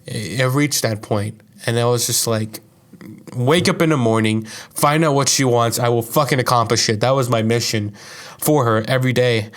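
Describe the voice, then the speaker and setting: Speaking at a moderate pace with a mid-range voice, a young podcast host recounts something from his own life in a loose, wandering monologue. He swears a lot and leans heavily on fillers, especially "like."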